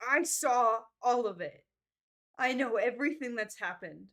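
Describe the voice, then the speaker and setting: Woman playing a defiant young guy adventurer, urgent, kinda loud. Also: a little high, expressive, unhurried. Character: young male adventurer, defiant under pressure.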